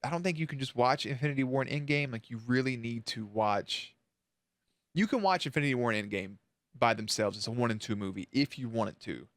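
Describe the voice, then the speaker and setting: A man's voice: mid-range voice, fairly quick, dry recording. A man hosting a reaction channel tells his story to camera with open emotion and casual swearing. His voice sits in a middle register. The sound is dry and close-miked, with no room around it.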